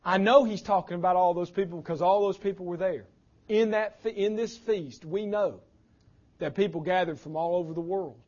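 A man preaching a sermon as pastor, impassioned, his voice swinging from loud declarations to hushed lines. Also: sits high, moderate pace, muffled recording.

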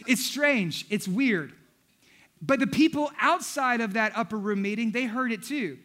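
A male pastor delivering a lively, humorous sermon, telling stories, acting out quotes and raising his voice for emphasis. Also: very high-pitched, measured pace. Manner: storytelling, acts out quotes, shouts for emphasis. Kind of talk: energetic comedic sermon.

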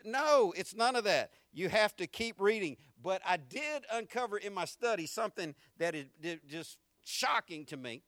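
High, bright-voiced man preaching animatedly. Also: moderate pace, dry recording, studio quality. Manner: animated, conversational preaching with slang and humor; repeats words when starting sentences. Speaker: pastor. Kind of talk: sermon.

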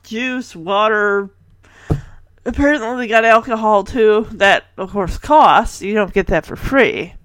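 A woman's voice: mid-range voice, measured pace, fairly bright tone, dry recording. A woman in casual chat, retelling a sitcom episode with chatty, giggly asides and playful quoted lines. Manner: chatty, giggly, quoting characters in playful voices. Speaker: podcast host recapping a sitcom episode.

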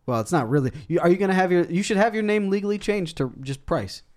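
A man hosting a podcast, with a wry, deadpan, teasing way of talking. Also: high-pitched, quick pace. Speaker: podcast host. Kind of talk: casual podcast chat.

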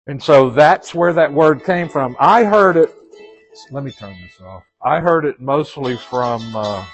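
A man's voice: mid-range voice, lo-fi sound. Folksy Southern man teaching a church class. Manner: folksy, joking asides, frequent restarts. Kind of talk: informal church class lecture.

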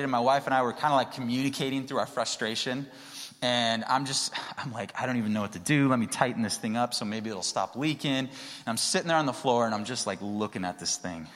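Casual pastor preaching in an echoing hall. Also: male voice, mid-range voice, quick pace. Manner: conversational storytelling, rising to excited emphasis. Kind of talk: sermon. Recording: long reverb of a large hall.

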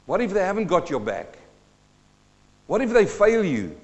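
A fairly high-pitched man delivers a sermon as a pastor, dropping to hushed tones and then rising to loud emphasis. His voice carries a long reverb through the church hall. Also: wildly swooping pitch, normal speed, dull audio.

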